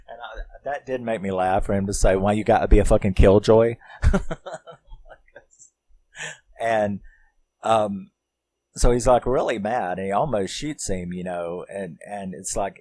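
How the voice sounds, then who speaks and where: A man's voice: on the low side, measured pace, pauses often, darkish tone, no echo. A man reviewing a film in a casual, rambling way, often laughing and using lots of fillers.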